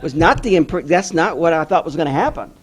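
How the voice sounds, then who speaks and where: An author giving a talk tells a story in a fairly high, husky voice at a brisk pace. He's an animated storyteller who acts out the voices of the people he quotes.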